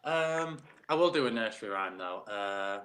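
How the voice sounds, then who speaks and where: A man's voice: on the low side, animated, moderate pace, a crowd in the background. A man with a Manchester accent, a guest in casual chat, self-deprecating and giggly. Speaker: guest, drag queen.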